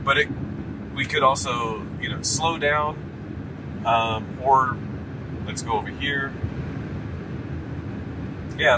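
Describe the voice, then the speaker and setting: Casual male vlogger, easygoing explainer, mid pitch, noticeable road noise behind. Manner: relaxed, explaining step by step with many fillers. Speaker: vlog co-host. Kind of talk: casual road trip vlog. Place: inside a car on the highway.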